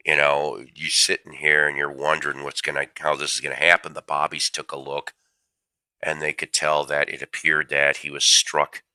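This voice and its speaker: A man's voice: extremely low pitch, bright, forceful tone, clean tone, dry recording. A man, fighting a cold, hosting a casual livestream and rambling through stories with jokey asides. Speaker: livestream host. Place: home room with his cat.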